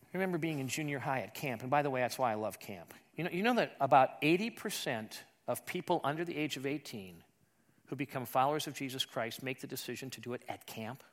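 A male pastor preaching a storytelling sermon. He talks conversationally with repeated restarts and swings from quiet asides to loud, emphatic peaks. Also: medium pitch, lively intonation, fast talker.

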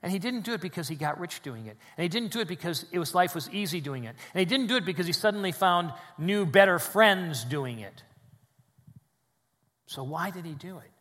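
A man preaching a sermon in a church, swinging between loud emphatic peaks and quiet, low drops. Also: long reverb tail. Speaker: pastor. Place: church sanctuary with congregation.

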